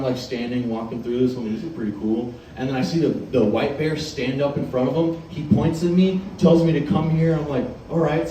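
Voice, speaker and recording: A man's voice: mid-range voice, dark tone, a little hiss or hum. Young male comic, rambling and profane, laughs through the bit, mic far off in an echoey room. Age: 20s. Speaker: stand-up comedian. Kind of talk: stand-up storytelling.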